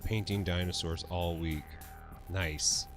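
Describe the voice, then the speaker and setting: A man's voice: sits low, steady tone, slow pace, over music. A man hosting a casual livestream, laughing often, swearing freely and answering his chat. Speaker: livestream host.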